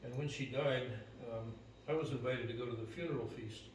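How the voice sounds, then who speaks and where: An older man telling a personal story to a gathering, unhurried, with many pauses. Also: mid-range voice, slight background noise. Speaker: speaker at a memorial gathering. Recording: echoey hall, mic from far off.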